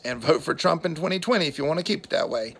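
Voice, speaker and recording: A man's voice: a little high, animated, fast, vocal fry, a bit bright, slightly rough. A man giving a rambling, opinionated political monologue to camera, preachy in tone and often losing his thread with fillers. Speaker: political vlogger.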